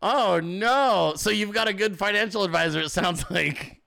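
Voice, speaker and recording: A man's voice: high-pitched, moderate pace, creaky, bright, forceful tone. A man hosting a casual livestream, mocking and profane, laughing often and switching into sarcastic put-on voices. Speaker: host.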